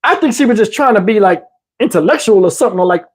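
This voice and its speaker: A man telling a story in a casual, animated way, swearing freely and acting out what people said. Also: high-pitched, fast talker, husky. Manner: animated, profane, acts out quotes. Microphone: wireless lapel mic.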